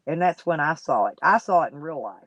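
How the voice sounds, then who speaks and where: A woman's voice: sits low, expressive, a little fast, no echo, muffled recording. A woman streaming live, chatting casually with her viewers and gossiping about people in her chat in folksy, colloquial talk.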